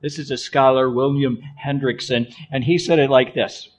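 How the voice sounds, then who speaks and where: A man preaching a sermon in an animated, playful way, swinging between loud exclamations and hushed asides. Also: medium pitch, normal speed, hardly any pauses, muffled recording. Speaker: pastor.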